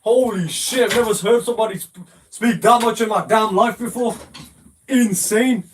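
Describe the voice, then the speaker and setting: Profane, mocking man in a voice chat, high voice, loud and insulting. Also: normal speed, slight background noise. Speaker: gamer in a voice call. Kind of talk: casual trash talk.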